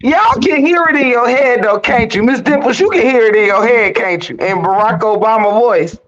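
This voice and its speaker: A man hosting an online panel, joking excitedly and laughing often. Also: very high voice, normal speed, soft background music. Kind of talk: casual chat. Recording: dull, muffled audio.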